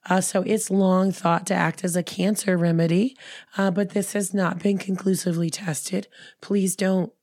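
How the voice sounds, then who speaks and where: Hoarse, low-voiced woman podcaster. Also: fairly even intonation, moderate pace, a little mellow, dry recording, clean studio sound. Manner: rambling, many fillers and restarts. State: hoarse from a cold. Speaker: podcast co-host. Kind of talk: casual chat.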